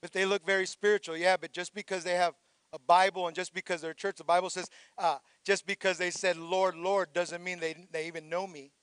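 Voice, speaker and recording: A male pastor preaching a sermon, rising into shouted calls for praise and dropping quiet for reflective passages. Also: sits high, little pitch movement, a little fast, clean tone, no echo.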